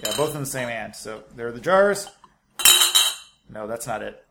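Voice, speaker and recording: A man's voice: mid-range voice, animated, normal speed, creaky, heavy background noise. A man co-hosting a casual science podcast, joking loosely and trailing off mid-sentence. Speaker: podcast co-host. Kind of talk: casual chat.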